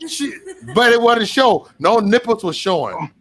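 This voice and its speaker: A man hosting a casual group chat, joking and bantering loudly. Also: high-pitched, lively intonation, unhurried, no echo.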